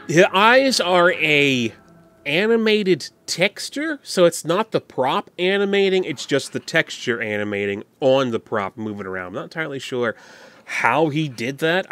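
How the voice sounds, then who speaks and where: A man's voice: mid-range voice, a bit bright, no echo. A man casually walking through a game map he built, rambling and thinking aloud with frequent fillers.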